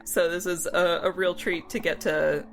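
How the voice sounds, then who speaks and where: A woman with a lowish, gravelly voice co-hosts a podcast. She sounds friendly and enthusiastic and laughs easily. Faint music plays under her. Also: fairly even intonation, normal speed. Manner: warm, enthusiastic, laughs often. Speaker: podcast co-host. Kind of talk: casual podcast chat.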